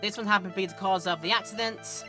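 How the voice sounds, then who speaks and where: A woman's voice: medium pitch, fast. A woman streamer giving playful, rambling commentary while playing a game. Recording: game music behind.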